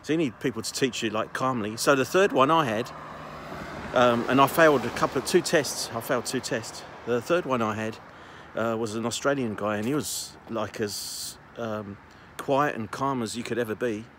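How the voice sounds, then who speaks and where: A man's voice: medium pitch, normal speed, noisy background. Chatty man rambling on a street walk. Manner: chatty, rambling storyteller with laughs. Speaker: vlogger. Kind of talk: casual walking vlog chat. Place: city streets outdoors.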